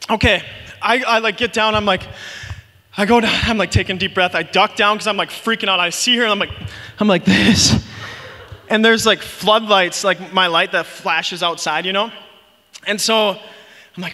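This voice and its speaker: Youth pastor, young man, very high voice, tense bright tone, animated rambling storyteller, long hall reverb. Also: moderate pace, long pauses. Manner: animated storytelling, filler "like" and "you guys". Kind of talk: youth sermon.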